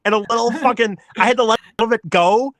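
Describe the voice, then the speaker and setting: A man casually telling a story on a podcast, swearing a lot and animated. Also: extremely high pitch, fast talker. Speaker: podcast co-host.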